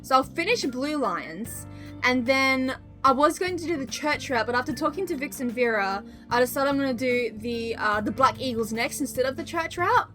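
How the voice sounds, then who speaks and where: A young woman live-streaming a game, chatting loudly and excitedly with her viewers. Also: high voice, moderate pace, soft background music. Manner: excitable, loud, bursts into squeals greeting chat. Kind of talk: casual live-stream chat while gaming.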